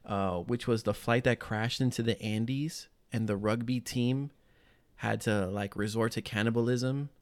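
A man's voice: medium pitch, steady tone, a little slow. Chatty man co-hosting a home podcast. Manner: rambling, loose, with lots of "uh" and "like". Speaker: podcast co-host. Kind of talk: casual true-crime podcast chat. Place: small home loft.

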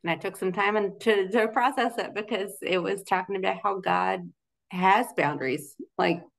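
A woman's voice: mid-range voice, moderate pace, creaky. A young adult woman in a casual interview, talking in a chatty, loose way with many "like" fillers and frequent laughs. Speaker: guest, Christian relationship coach.

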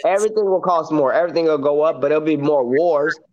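Casting: animated male storyteller, slightly high voice, dull lo-fi sound. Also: fast talker. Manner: animated storytelling, repeats "listen" and "bro". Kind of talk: casual chat.

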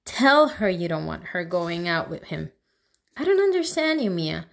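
A woman's voice: fairly low pitch, big pitch swings, moderate pace, gravelly. A woman voicing a blunt teenage girl who lectures her best friend. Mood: lecturing. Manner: lecturing, matter-of-fact.

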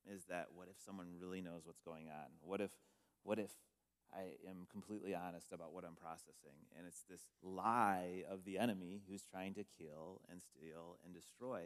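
Man, pastor, low voice, gentle halting encouragement on stage. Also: steady tone. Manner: gentle, affirming, halting with fillers. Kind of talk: sermon interview.

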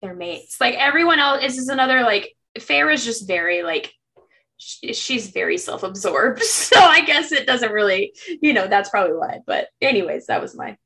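Young woman podcast co-host, bright voice, swings high and low, rambling. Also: normal speed, gravelly. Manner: rambling, many likes and restarts, animated. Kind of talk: casual book chat.

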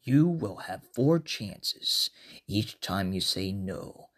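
A podcaster doing a menacing stranger, deep whispery voice, slow and dragging, hushed and faint. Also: expressive, heavily acted. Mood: ominous. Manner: slow, low, fading into whispers. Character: menacing stranger at the door issuing an ultimatum.

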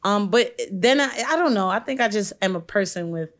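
Woman podcast host, casual banter, lively, swears freely, mimics others. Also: mid-range voice, brisk. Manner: animated, profane, acts out voices. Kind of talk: casual chat.

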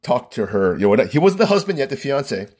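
A man's voice: mid-range voice, big pitch swings, brisk, darkish tone. A man who works as a wedding photographer telling a rambling, casual anecdote, laughing often and leaning on fillers.

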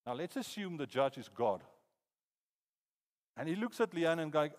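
South African preacher, animated storytelling. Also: male voice, a little high, normal speed, long pauses. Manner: animated storytelling, hypothetical anecdotes. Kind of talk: sermon. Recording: long reverb in a hall.

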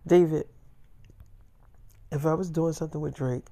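A man's voice: a little high, fairly even intonation, moderate pace, vocal fry, warm tone. A man voicing an adult woman who is defensive and pleading, with lots of swearing, in a casual spoken story.

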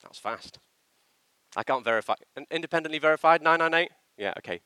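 A male preacher giving a sermon, his pitch rising and falling with lively movement. His tone is bright and a touch sharp, and the sound is close and dry with hardly any room echo. He stresses his points hard and acts out short quoted lines. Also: fast, smooth. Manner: animated, emphatic delivery with acted quotations. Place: church.

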